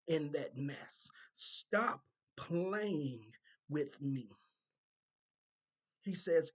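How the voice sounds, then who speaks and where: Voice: mid-range voice, slightly rough. A content creator delivering a prophetic warning message, repeating phrases emphatically as they relay what God says. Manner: slow, repetitive, emphatic delivery relaying God's words.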